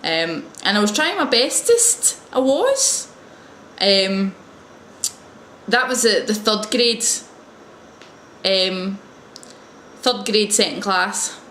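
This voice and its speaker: Young woman, casual video diary, wry, hesitant, mid pitch, roomy echo. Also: animated, slow, pauses often, pushed and bright, a little hiss or hum. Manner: chatty, hesitant, wry storytelling. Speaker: English teaching assistant.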